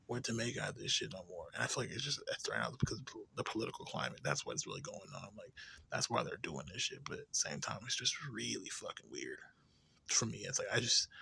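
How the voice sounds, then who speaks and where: A man's voice: lowish voice, creaky, bright, forceful tone, slight background noise. A man vlogging an unscripted rant, rambling with heavy swearing and many fillers, sometimes dropping to a tired near-whisper. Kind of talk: unscripted venting monologue.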